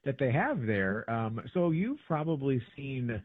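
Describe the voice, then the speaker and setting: Animated rambling man on a tinny line. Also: medium pitch, measured pace. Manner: rambling, animated, many fillers and restarts. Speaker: podcast co-host. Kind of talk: casual travel chat. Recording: dry, tinny phone-like sound.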